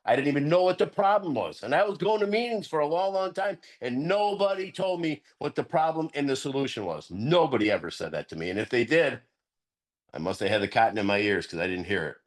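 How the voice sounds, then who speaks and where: Speaking as a sponsor at a recovery meeting, this middle-aged man is candid, earnest and lively. His pace runs slightly quick, he laughs a lot, and his pitch leaps up when he drives a point home.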